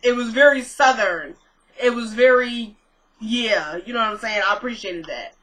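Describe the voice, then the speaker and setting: A woman's voice: on the high side, moderate pace, a bit bright, poor audio. A woman vlogger chatting through a TV episode recap, retelling scenes in quotes with lots of fillers. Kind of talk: casual recap chat.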